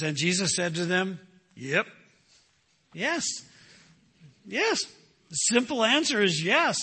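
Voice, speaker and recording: A man's voice: sits high, bright, forceful tone, husky, in a large hall. A man preaching a sermon, emphatic, asking rhetorical questions and answering them himself. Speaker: pastor.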